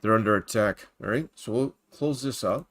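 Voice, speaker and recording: A man's voice: lowish voice, moderate pace, fairly bright tone. A man hosting a casual Christian livestream from home at his computer. He rambles as he reads news off the screen and greets viewers by name. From Canada.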